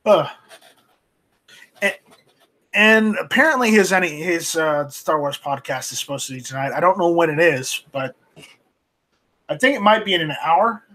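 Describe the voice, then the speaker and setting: A man hosting a casual live stream off camera, reading viewer chat aloud and talking in a halting, rambling way with many restarts. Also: a little high, lively intonation, pushed and bright. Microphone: home streaming mic, voice only, off camera.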